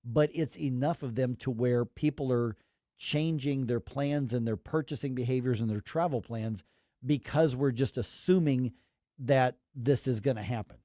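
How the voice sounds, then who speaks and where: A man's voice: mid-range voice, normal speed, mellow, dry recording, clean studio sound. A man hosting a talk radio show, giving emphatic, rambling opinions with acted quotes.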